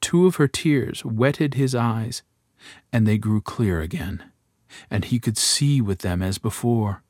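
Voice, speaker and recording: Slow, measured male fairy tale reader. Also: on the low side, no echo, clean studio sound. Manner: slow, measured, even storytelling. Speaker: narrator.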